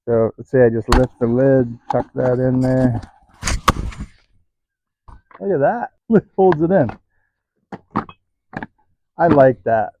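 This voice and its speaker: A man's voice: medium pitch, lo-fi sound, background noise. A man hosting a casual hands-on DIY vlog in his workshop, chatty and self-mocking, often chuckling as he demonstrates. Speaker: DIY channel host.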